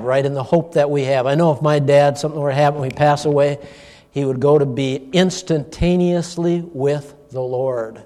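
A middle-aged man, a pastor, giving an informal sermon, telling a personal story in a folksy, animated way with chuckles. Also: on the high side, normal speed. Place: church hall. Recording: long church-hall reverb.

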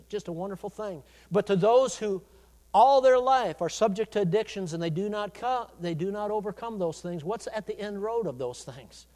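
A man pastor preaching a sermon, shifting between loud, emphatic declarations and quiet, conversational asides, in a church. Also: high voice. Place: church sanctuary. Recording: long hall reverb.

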